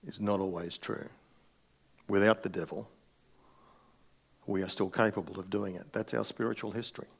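A middle-aged man preaches a sermon from the pulpit in an easy, conversational way. His voice sits on the low side, and he slips in wry asides between points. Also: gravelly. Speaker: pastor.

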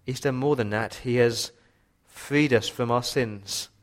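A man preaching a sermon with passion, his voice rising for emphasis and dropping low for quiet points. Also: unhurried. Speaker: pastor.

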